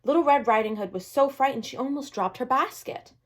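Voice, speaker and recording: Woman, storybook reader, friendly, expressive, children's read-aloud. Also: high voice, brisk.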